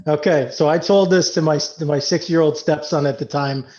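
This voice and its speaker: A Canadian man, a trading coach, explaining trade setups in a relaxed, loose way with many fillers. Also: a little high, moderate pace. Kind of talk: casual trading chat. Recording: dull lo-fi audio.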